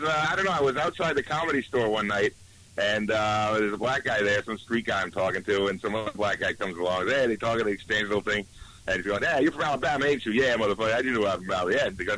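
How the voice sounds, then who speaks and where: A man's voice: lowish voice, sharp tone, poor audio. A man from New York, a guest in casual comedic chat, joking crudely and laughing often. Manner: jokey, crude, laughs often, spins tall tales.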